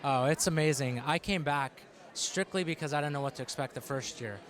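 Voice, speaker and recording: A man who mentors youth, speaking lively and acting out his students' voices. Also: fairly high pitch, fairly quick. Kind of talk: interview answer.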